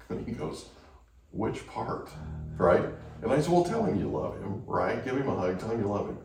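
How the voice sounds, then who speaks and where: A man's voice: fairly low pitch, moderate pace, distant mic, faint music behind. Male host who tells stories and keeps checking in with "right?", recorded in a very echoey room well back from the mic. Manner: animated storyteller, frequent "right?". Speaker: podcast host. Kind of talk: storytelling in a conversation.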